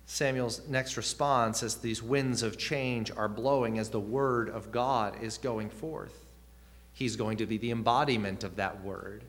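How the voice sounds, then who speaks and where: A man's voice: medium pitch, fairly even intonation, a little slow. A man preaching a sermon, earnest, with rising and falling emphasis and questions put to the listeners.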